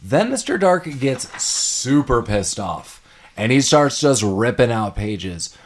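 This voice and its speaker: A man hosting a casual podcast discussion of a film, animated and quick to laugh, often acting out lines from scenes. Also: mid-range voice. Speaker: podcast host.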